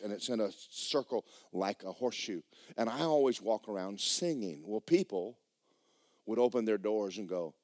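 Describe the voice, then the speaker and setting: A man preaching in a church, telling a story and acting out the people in it with sudden loud bursts. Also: dry recording, studio quality. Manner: animated, acts out quotes with sudden loud high bursts. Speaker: pastor. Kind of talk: sermon storytelling. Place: church sanctuary.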